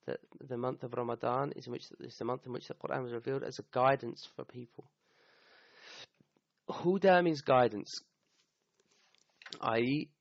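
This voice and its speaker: A man's voice: mid-range voice, vocal fry, dry recording, muffled recording. A man teaching the meaning of a Quran verse, thinking aloud with restarts and often checking in with "okay?". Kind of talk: recorded talk explaining a verse.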